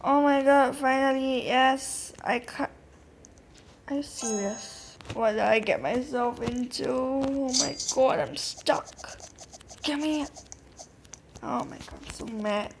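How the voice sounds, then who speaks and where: A woman giving casual, excitable commentary while playing a game, talking to her viewers and often gasping. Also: sits high, slow, background noise. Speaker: gameplay narrator.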